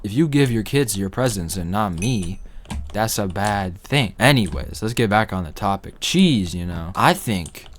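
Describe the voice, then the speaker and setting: A young man with a somewhat low voice rambles through casual gameplay commentary, tossing off absurd deadpan jokes. Faint keyboard clicks tick away behind him as he plays at his computer. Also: slight background noise. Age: young adult. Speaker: gaming commentator.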